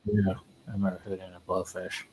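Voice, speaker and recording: A man's voice: sits low, flat delivery, fast talker, darkish tone. A man in casual chat, giving short hesitant replies.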